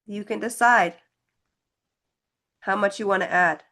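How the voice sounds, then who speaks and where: A woman teaches a live painting class online, her voice sitting at an ordinary middle pitch. She chats easily as she mixes colors and demonstrates, reassuring students as she goes. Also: a little slow, pushed and bright. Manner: chatty, encouraging, talks while demonstrating. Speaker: painting instructor.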